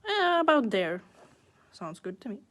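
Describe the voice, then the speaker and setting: Slow, chatty woman teaching nail art. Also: fairly high pitch, very animated, fairly bright tone. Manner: chatty, thinking aloud with playful sound effects. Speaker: nail artist. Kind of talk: live online nail art class.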